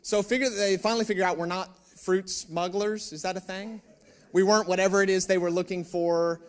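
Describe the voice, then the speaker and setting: A male pastor preaching, telling a personal story in an animated, self-mocking way with asides to the room. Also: high-pitched, a little fast.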